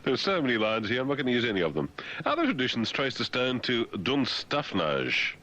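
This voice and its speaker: A man's voice: medium pitch, very animated, fairly quick, bright, forceful tone, slight background noise. A male radio host reading the news in a comic way, breaking off for dry, sarcastic asides. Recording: dull lo-fi radio broadcast.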